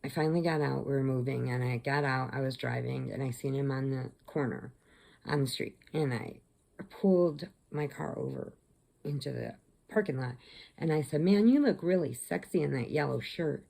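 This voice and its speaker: A woman's voice: a bass voice, moderate pace, gravelly, a little mellow. A middle-aged woman hosting a crochet channel, rambling through stories in a chatty, casual way. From Illinois, USA. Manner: rambling, chatty, laughs often. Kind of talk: casual storytelling vlog.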